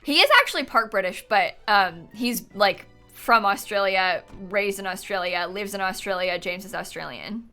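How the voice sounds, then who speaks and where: A woman in her twenties chatting casually on a live stream while gaming, animated and laughing often as she answers her chat. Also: mid-range voice, moderate pace, hardly any pauses, faint music behind. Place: home setup, lives in Florida.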